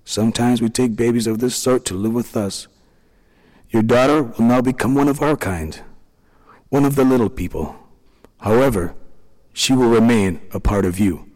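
A man voicing a gentle tiny man, kind leader of the little people. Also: mid-range voice, big-room sound, natural voice. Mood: soothing. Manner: soothing, slow and gentle.

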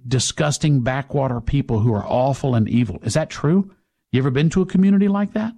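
A man's voice: medium pitch, gravelly, darkish tone. Indignant male talk radio host. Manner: indignant, mocking, emphatic. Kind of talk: opinionated talk radio monologue.

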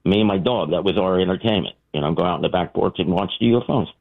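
A man's voice: sits low, fast talker, creaky. A man calling in to a late-night radio show, telling a story animatedly with lots of restarts and asides. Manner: animated storyteller, voices people in his tales. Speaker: radio caller. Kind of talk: phoned-in anecdote. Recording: tinny phone line.

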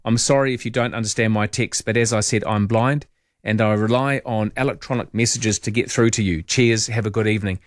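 Late at night on talkback radio, a man with a lowish, steady voice moves briskly through listener messages, wry and chatty, wandering off track and reading lyrics aloud. He's in a radio studio on a studio mic, recorded dry at studio quality.

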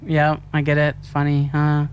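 A man's voice: fairly high pitch, monotone, moderate pace, a little hiss or hum. A man, co-hosting a radio show, teasing dryly and hesitating with frequent ums. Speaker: radio co-host. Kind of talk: casual on-air banter.

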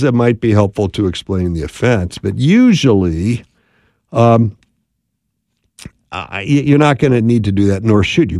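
A man's voice: mid-range voice, darkish tone, dry recording, clean studio sound. A man teaching about apologies in marriage, in a conversational style with frequent tag questions. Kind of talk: instructional talk on marriage.

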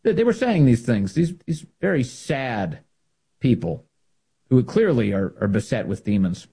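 Guy ranting about politics, husky mellow voice, pitch jumping all over. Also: a little slow. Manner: emphatic, animated, repeats phrases for effect. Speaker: political commentator. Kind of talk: opinionated political monologue.

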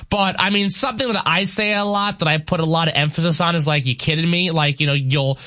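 Bright-voiced man in animated banter. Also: a little high, fast talker. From East Coast of the US. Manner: animated, puts on thick accent for emphasis. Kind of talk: casual on-air banter. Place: radio studio.

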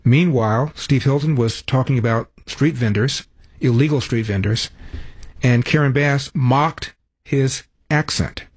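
A man's voice: mid-range voice, slightly rough, no room sound. A man hosting a talk radio show, reading phone numbers and sponsor plugs and giving brash commentary. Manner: brash, self-promoting, quick ad reads.

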